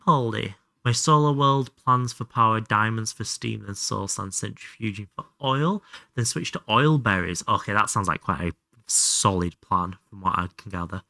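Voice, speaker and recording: Young man, streamer, bright tense voice, dry close mic, chatty, swears. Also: lowish voice, normal speed, gravelly, dry recording. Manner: chatty, thinking aloud, swears freely. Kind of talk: casual live gameplay commentary.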